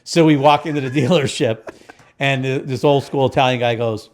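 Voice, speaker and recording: A man's voice: fairly high pitch, a little fast. Connecticut guy telling shop stories on a podcast, swears a lot, acts out everybody. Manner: profane, animated storyteller acting out other people. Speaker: podcast co-host. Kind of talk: casual storytelling chat.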